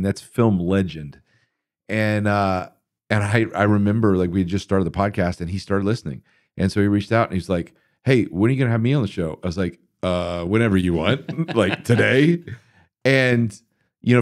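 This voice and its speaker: A middle-aged man hosting a podcast, telling stories in a rambling, animated way with many fillers. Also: deep voice, no room sound, studio quality. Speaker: podcast host answering listener questions. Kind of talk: casual interview talk.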